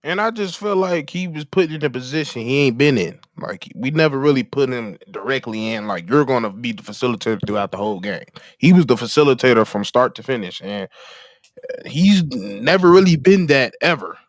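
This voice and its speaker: A man's voice: medium pitch, expressive, moderate pace, no echo, studio quality. A young man co-hosting a sports podcast, laid-back and slangy in casual chat, laughing easily. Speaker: podcast co-host.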